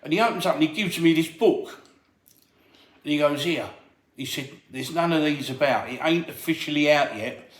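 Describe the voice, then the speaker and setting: A man, a former doorman, telling a lively anecdote in casual chat and acting out the voices of the people in it. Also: on the high side, normal speed. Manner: animated storyteller acting out other people's voices. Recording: echoey room.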